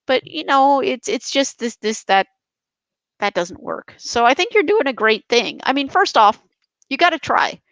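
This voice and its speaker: Guest voice: emphatic young woman, higher pitch, dry close sound. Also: big pitch swings, moderate pace, fairly bright tone, dry recording, rough recording. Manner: passionate, emphatic, many restarts. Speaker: podcast guest. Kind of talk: casual interview chat.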